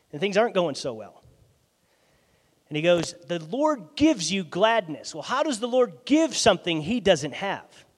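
A man with a notably high voice delivers a sermon in a conversational, animated style. His volume rises and falls sharply between quiet asides and emphatic bursts. The recording carries a long, lingering reverb from a church sanctuary. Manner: lively, conversational preaching with dramatic swings in loudness. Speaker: pastor.

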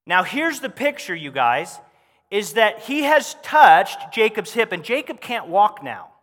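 Male pastor, high forceful voice, animated conversational sermon, church-hall reverb. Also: unhurried.

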